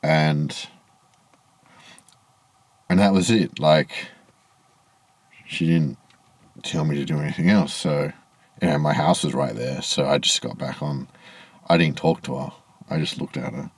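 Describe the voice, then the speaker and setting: A man's voice: a bass voice, a little slow, pauses often, breathy edge, dry recording. A man telling a rambling, aggrieved story to camera in a casual vlog, swearing freely, outdoors in the evening. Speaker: vlogger. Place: outdoors in low evening light.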